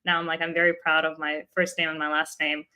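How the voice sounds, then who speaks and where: A young adult woman, a startup co-founder, telling a story in a casual interview with lively laughs along the way. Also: low-pitched, fast talker, smooth. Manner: animated, laughs often while telling a story.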